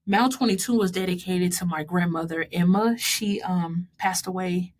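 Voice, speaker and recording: Heartfelt woman in her thirties, low voice. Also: moderate pace. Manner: heartfelt, laughs often, dedicates each mile to loved ones. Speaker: vlogger recapping her marathon. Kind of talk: casual personal recap.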